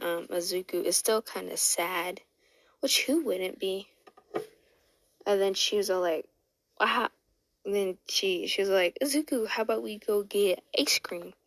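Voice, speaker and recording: A woman's voice: lowish voice, vocal fry, no echo, low-quality recording. A woman telling a fan story in a casual, rambling way, restarting often and saying "like" a lot.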